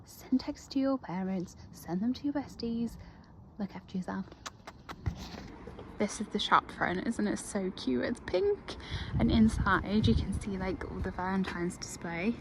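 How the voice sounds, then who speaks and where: A woman's voice: mid-range voice, a little slow, background noise. A young woman talking to camera in a chatty daily vlog, rambling with lots of ums and likes. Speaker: vlogger.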